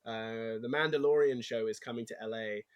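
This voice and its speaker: A man's voice: mid-range voice, fairly quick. Englishman chatting as a podcast guest. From England. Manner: animated storytelling, acts out quotes, laughs easily. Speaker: actor guest. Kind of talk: casual interview chat.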